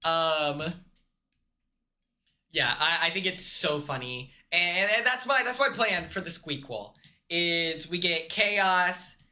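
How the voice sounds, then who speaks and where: A man's voice: a little high, lively intonation, slow, pushed and bright. A man hosting a comedic movie recap, rambling and acting out the characters' lines himself. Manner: rambling, acts out characters in quotes. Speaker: host.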